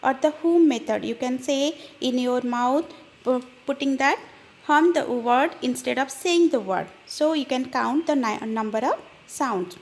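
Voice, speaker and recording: A woman teaching a grammar lesson, explaining slowly and spelling out word parts, with small fillers and restarts. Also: high voice. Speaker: English teacher.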